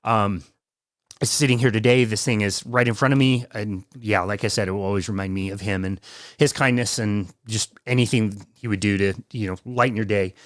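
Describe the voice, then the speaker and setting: A man's voice: on the low side, steady tone, no echo, clean studio sound. Emotional male podcast host. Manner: casual, halting, many fillers. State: emotional, near tears. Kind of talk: emotional tribute talk.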